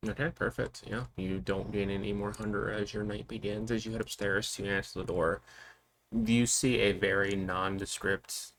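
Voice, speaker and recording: A man narrating as game master of a tabletop game, describing scenes calmly. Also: low-pitched, a little hiss or hum.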